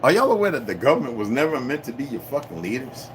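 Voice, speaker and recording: A middle-aged man hosts a casual livestream, talking straight to his viewers. His speech is loose and profane, broken by laughs and asides to chat. A faint hum of background noise runs under his mid-pitched voice. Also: very animated, fast talker. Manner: profane, rambling, laughs often, talks to chat. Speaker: livestream host.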